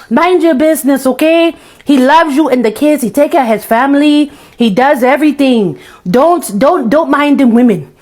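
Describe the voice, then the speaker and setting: Woman voices a dismissive older African mother; pitched up, loud, repeats herself. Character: pushy older African mother defending her son.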